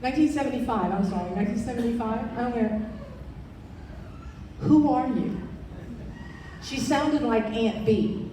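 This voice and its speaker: A woman's voice: on the high side, brisk, mellow. A woman in her sixties giving an emphatic personal testimony as keynote speaker, repeating phrases for weight. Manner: emphatic storytelling with repetitions. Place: large event hall. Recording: echoey hall, distant mic, faint noise.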